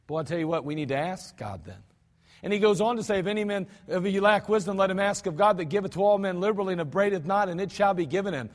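A man's voice: sits high, lively intonation, fast. A man preaching a sermon in a folksy, emphatic manner, with lots of repetition. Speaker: pastor. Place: church sanctuary. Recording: archived church service with long hall reverb.

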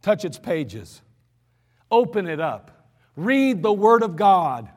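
A man preaching an emphatic sermon, slowing down and repeating lines for stress. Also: high-pitched, sing-song, long reverb tail. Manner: emphatic, repetitive, slows for stress.

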